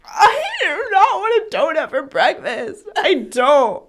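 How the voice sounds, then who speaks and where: A woman voicing an exhausted, furious little girl who shouts her demands in a shrill, whiny voice. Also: big pitch swings, slow pace, heavily acted. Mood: screaming, whiny. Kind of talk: quoted child in an anecdote.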